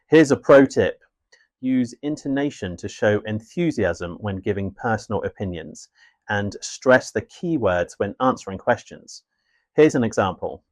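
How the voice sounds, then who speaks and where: A man narrating a scripted English lesson in a clear, measured, instructive way. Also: lowish voice, animated, no room sound. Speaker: English teacher.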